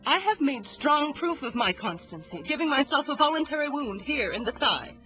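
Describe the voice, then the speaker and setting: A woman's voice: high voice, sing-song, moderate pace. A woman playing a noble Roman wife in a Shakespeare audio drama, delivering verse earnestly and with passion. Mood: pleading. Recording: dull lo-fi audio under music.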